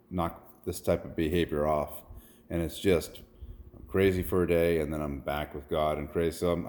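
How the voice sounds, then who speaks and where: Low, dark-toned man in his forties, earnest and rambling, preaches when quoting scripture. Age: 40s. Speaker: vlogger. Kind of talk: personal storytelling monologue.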